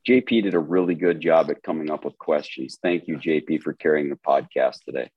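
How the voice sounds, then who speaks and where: A man appearing as a podcast guest, joking around in relaxed casual chat. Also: very deep voice, fairly quick, breathy edge, no room sound, highs cut off.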